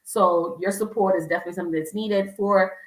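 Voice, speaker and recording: A woman's voice: medium pitch, steady tone, quick pace, echoey room, distant mic, low-quality recording. A woman giving casual travel advice as a vlogger, chatty with lots of fillers, acting out quoted voices.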